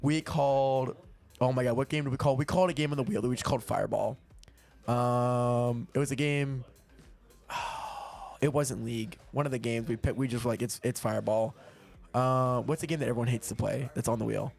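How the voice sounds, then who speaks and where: A man casting an esports match in a chatty, rambling way, quick to laugh. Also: medium pitch, steady tone, creaky, darkish tone. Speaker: esports caster. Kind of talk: casual play-by-play commentary.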